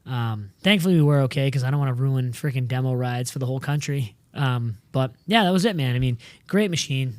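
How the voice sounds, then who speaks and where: A man from New England co-hosting an off-road show, telling a story in a lively, casual way, swearing freely and acting out the other people in it. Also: mid-range voice, fairly quick, few pauses, no room sound. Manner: animated, swears freely, acts out quoted voices. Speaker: co-host.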